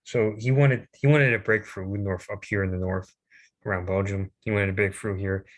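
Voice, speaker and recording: A fairly low-voiced young man talks through a history presentation in a loose, informal way. He rambles and hesitates, fills gaps with "um," and restarts his sentences. Now and then he drops a self-deprecating aside. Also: fairly even intonation, fairly quick.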